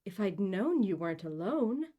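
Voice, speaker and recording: A woman's voice: mid-range voice, sing-song, moderate pace, dark tone, lo-fi sound. A woman voicing a prim, gushing older mother in an old-fashioned Transatlantic-style lilt. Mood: flustered.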